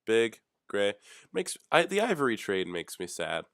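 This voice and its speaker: A young man with a fairly low voice muses aloud on his own show in a loose, rambling way. His delivery is offhand and deadpan, with jokes thrown in. The sound is close and dry, with no room around it. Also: a little slow, no echo. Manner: offhand, deadpan, jokey musings. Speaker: podcast host. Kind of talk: rambling solo chat.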